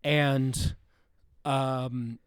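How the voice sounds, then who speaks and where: A man's voice: mid-range voice, level tone, very slow, clear, resonant tone, no echo, studio quality. A man co-hosting a film podcast in casual chat, blunt and profane, often restarting his sentences. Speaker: podcast co-host.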